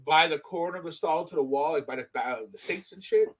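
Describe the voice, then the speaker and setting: Profane, animated man telling stories. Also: a little high, fairly quick. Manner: profane, animated storytelling with slang. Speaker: podcast co-host. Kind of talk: casual podcast chat.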